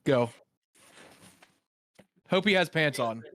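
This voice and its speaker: A man's voice: a little high, animated, slow pace, a bit bright, dry recording. A man teasing his friends in casual podcast banter. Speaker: podcast co-host.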